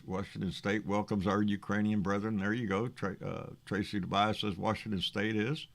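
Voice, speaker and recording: A Texan man with a fairly low voice hosts a loose political livestream and chats his way through viewer comments. He rambles, curses often and trips over repeated words as he talks. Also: steady tone, moderate pace, gravelly. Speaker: livestream host. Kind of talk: casual political livestream chat, reading chat comments.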